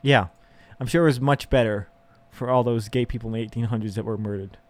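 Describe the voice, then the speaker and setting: A young man talks through his frustrations in a candid, profane monologue, laughing and sighing as he goes. His voice sits at an ordinary middle pitch. The recording is dry and close, with no room echo. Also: quick pace. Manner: ranting, profane, with frequent laughs and sighs; emotional and exasperated.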